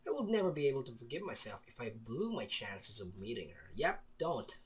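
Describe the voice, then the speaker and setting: A man's voice: medium pitch, very animated, brisk, hardly any pauses. Playful man reading a visual novel aloud. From Philippines. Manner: playful, reads dialogue aloud with jokey asides. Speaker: gamer playing a visual novel. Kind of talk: let's play commentary and narration.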